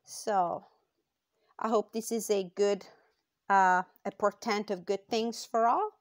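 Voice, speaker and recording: A woman hosting her own channel, giving a casual tarot card reading in a slow, thoughtful way with frequent pauses and fillers. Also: medium pitch, fairly even intonation, dry recording, clean studio sound.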